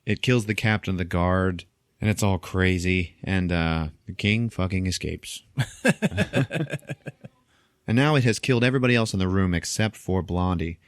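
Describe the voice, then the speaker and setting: Man, podcast host, low voice, casual film recap, laughs a lot, swears, very dry close sound. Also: normal speed, clear, resonant tone, dry recording. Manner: animated storytelling, frequent laughter, swearing.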